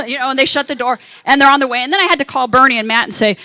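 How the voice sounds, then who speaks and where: A higher-voiced woman tells a story at a convention panel, and she acts out every quoted voice with energy. Her voice is close and dry, with no room echo. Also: very fast, hardly any pauses, bright, forceful tone. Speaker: panel speaker.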